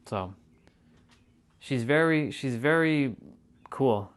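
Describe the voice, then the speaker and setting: A man's voice: mid-range voice, lively intonation, drawn-out words. A man chatting casually to viewers on his live stream, rambling and repeating himself as he talks. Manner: rambling, repeats phrases and restarts. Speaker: livestreamer.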